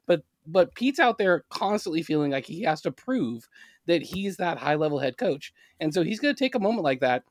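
A man co-hosting a podcast, chatting casually about sports as an animated storyteller with quick asides. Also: on the high side, no room sound, studio quality. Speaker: podcast co-host.

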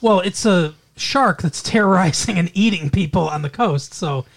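Rambling, animated podcast co-host. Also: medium pitch, normal speed, gravelly. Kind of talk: casual movie chat.

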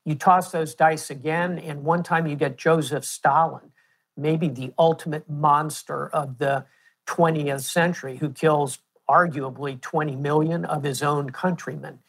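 A man as an interview guest, explaining history in a measured, storytelling way. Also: fairly high pitch, steady tone. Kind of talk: interview answer.

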